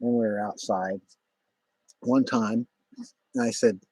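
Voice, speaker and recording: Man, low husky voice, rambling profane storyteller, dry close sound. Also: steady tone, slow, dark tone, no room sound, rough recording. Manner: rambling, profane, many fillers. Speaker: vlogger. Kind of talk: casual spoken storytelling.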